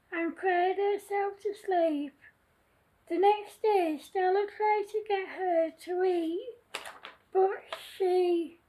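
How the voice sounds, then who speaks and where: Woman slowly reading a children's story. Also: very high-pitched, rough recording. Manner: earnest and gentle, with small restarts. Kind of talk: reading her own children's story aloud.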